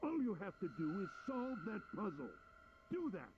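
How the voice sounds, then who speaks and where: An actor playing a cruel male captor who mocks his victim with a smug, theatrical, drawn-out delivery in a video game. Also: sits high, wildly swooping pitch, dull audio. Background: game music.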